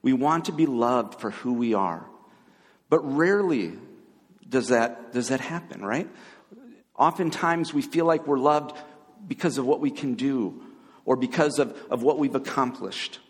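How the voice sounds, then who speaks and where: A man preaching a conversational sermon as a pastor, pausing often with fillers and restarts. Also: mid-range voice, husky, big-room sound.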